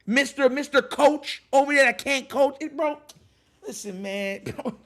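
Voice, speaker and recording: High-voiced man ranting about football. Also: a little slow, fairly bright tone. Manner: heated, joking, emphatic rants. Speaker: podcast co-host. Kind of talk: animated sports debate.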